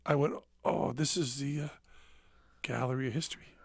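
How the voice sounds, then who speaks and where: Male podcast host, gravelly, dry close sound, self-deprecating storyteller. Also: mid-range voice, fairly even intonation, normal speed, no echo. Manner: self-mocking storyteller acting out dialogue. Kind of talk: casual storytelling chat.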